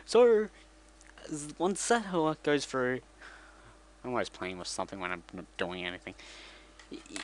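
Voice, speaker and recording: A man casually retelling a movie from memory, rambling, joking and correcting himself as he goes. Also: medium pitch. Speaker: vlogger.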